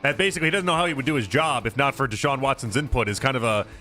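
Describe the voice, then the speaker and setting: A man co-hosting a sports talk radio show, wry and quick, often laughing at his partner. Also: medium pitch, bright, forceful tone, soft background music. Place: radio studio. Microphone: studio broadcast mic.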